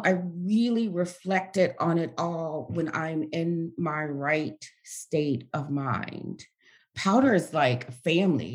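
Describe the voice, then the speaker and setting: A woman telling an emotional personal story as a guest. She moves between loud, animated retelling and quieter, reflective stretches. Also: low-pitched.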